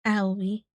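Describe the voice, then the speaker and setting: A young woman streaming, chatting casually with friends, giggling and squealing as she gushes. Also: mid-range voice. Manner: giggly, squealing, gushing with excitement.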